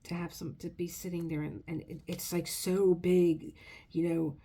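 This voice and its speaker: Gravelly-voiced chatty woman. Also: lowish voice, level tone, moderate pace, mellow. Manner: chatty, rambling, emotional, restarts often. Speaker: craft video creator. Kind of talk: casual storytelling vlog.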